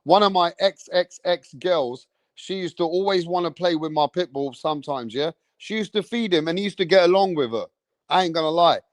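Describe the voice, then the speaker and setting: A man, hosting a live stream, telling rambling stories in an animated way, swearing often and tagging lines with "bruv". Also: a little high, brisk, dry recording. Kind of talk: rambling storytelling.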